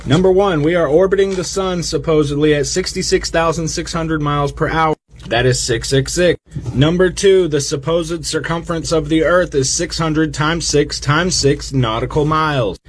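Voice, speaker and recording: A man's voice: on the high side, normal speed, slight background noise. A man narrating a video, counting off numbered points emphatically.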